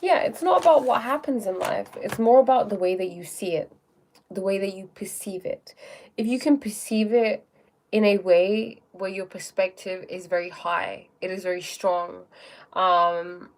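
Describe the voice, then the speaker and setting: A woman with a gravelly, fry-tinged voice hosts a casual self-help livestream. She rambles and thinks aloud, full of fillers and restarts, and talks straight to her viewers about their comments. It sounds like a phone held close. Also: medium pitch, moderate pace. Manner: chats directly with viewers, reading their comments. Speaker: livestream host answering viewer questions.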